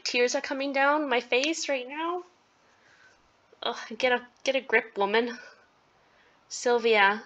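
A woman commenting casually on a story game she is playing, emotional and quick to giggle, sometimes sinking into a soft whisper. Her voice is bright and sits a little high. She talks slowly. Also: dull audio. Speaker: gaming video host. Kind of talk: casual let's-play commentary.

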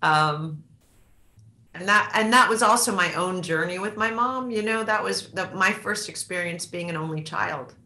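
A woman in her fifties, an author being interviewed in a candid onstage talk, reflective and halting, often restarting her sentences. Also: lowish voice, pushed and bright, reverberant.

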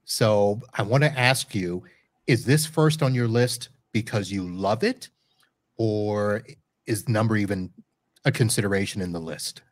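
An unhurried man with a fairly low voice hosts a live podcast, recorded with no room sound. In his Florida home studio he keeps the interview casual and chatty, joking whenever he stops to correct himself.

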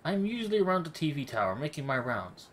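A snooty self-declared nobleman in his thirties, as a man reads him out, heaping grand, flowery scorn on everyone. The pitch swoops widely as he preens. Each word is delivered with lofty contempt. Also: very animated, fast talker, low-quality recording. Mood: haughty. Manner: haughty, florid insults. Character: pompous self-styled male nobleman, thirties.

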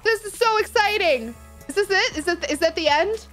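A woman giving live reaction commentary as a gaming streamer, excitable and gushing, full of exclamations. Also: very high voice, moderate pace, soft background music.

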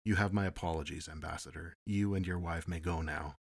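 A man's voice: low voice, steady tone, a little fast, creaky. A man voicing a polite but commanding official with a clipped, formal manner.

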